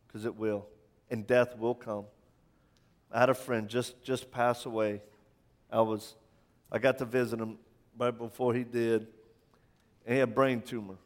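Impassioned preacher in a reverberant church. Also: male voice, mid-range voice, level tone, unhurried, long pauses. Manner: impassioned with rhetorical questions and stammered restarts. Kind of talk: sermon. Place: church sanctuary. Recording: long church hall reverb.

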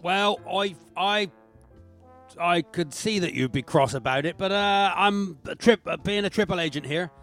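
A man's voice: high voice, a little slow, a bit bright, soft background music, pitched above the performer's own voice. Man doing a cheeky Cockney secret-agent manager. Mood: boastful. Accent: put-on Cockney. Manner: boastful, chirpy, full of slang.

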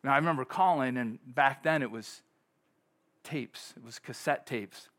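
A middle-aged pastor preaching a sermon in a conversational way, with sudden loud bursts. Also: male voice, medium pitch, normal speed.

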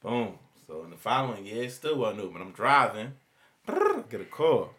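A man telling a story in casual chat, slangy and animated, jumping his voice up to act out quoted people. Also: on the low side, a little fast.

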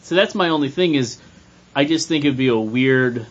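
Man pitching sketch ideas aloud. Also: animated, normal speed. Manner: pitches plot ideas, thinking aloud with many 'like's. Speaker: writer brainstorming a sketch. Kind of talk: casual brainstorming chat. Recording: dull lo-fi recording.

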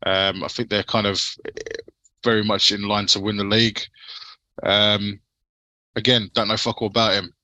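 A man with a very bright, forward voice and a slightly low pitch hosts a laid-back football podcast. He rambles, swears casually and keeps passing questions to his co-hosts, recorded dry and close. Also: little pitch movement, moderate pace, long pauses, no room sound. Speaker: podcast host.

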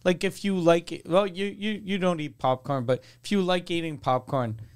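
A man's voice: fairly high pitch, moderate pace, clear, resonant tone. A man on a casual podcast who mostly asks short questions. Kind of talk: casual chat.

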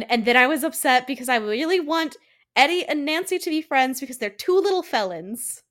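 A woman's voice: sits high, animated, a little fast, a bit bright. A woman co-hosting a podcast in casual chat, emphatic and swearing freely as she recaps scenes. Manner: emphatic, swears freely, acts out characters' lines. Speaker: podcast co-host.

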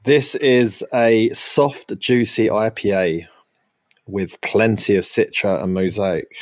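A man's voice: fairly low pitch, fairly even intonation, slow pace, no room sound, clean studio sound. A man hosting a podcast in casual chat, teasing his co-host and laughing often.

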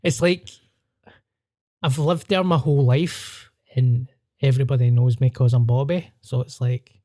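A man's voice: medium pitch, steady tone, unhurried, dark tone. A Glaswegian man and comedian in casual podcast chat, telling stories with lots of swearing and laughter.

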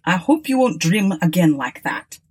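A woman voicing a stern, demanding male sea captain who barks sharp questions at his crew, with a husky voice. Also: lowish voice, big pitch swings, normal speed.

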